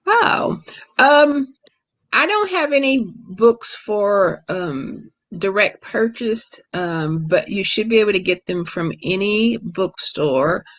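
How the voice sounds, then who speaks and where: A middle-aged woman from Kentucky with a Kentucky accent, an author answering questions over a video call in a relaxed, storytelling way. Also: mid-range voice, takes it slowly. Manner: relaxed, storytelling, laughs easily. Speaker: guest author. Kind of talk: casual lecture Q&A.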